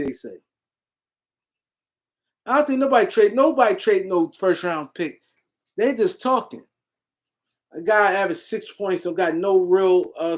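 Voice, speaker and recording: A man hosting a casual sports livestream, answering comments and shouting out viewers in the chat. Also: high-pitched. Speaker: livestream host.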